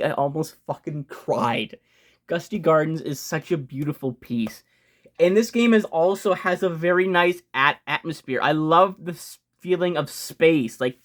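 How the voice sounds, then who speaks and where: A young man hosting a casual video game ranking vlog, talking fast and excitedly, gushing and swearing casually with frequent restarts. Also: a little high. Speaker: video game channel host.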